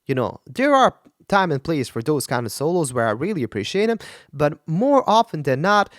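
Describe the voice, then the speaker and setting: A man's voice: a little high, no echo, studio quality. A man, a vocal coach, giving enthusiastic, analytical commentary while reacting to a song. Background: faint rock song playing.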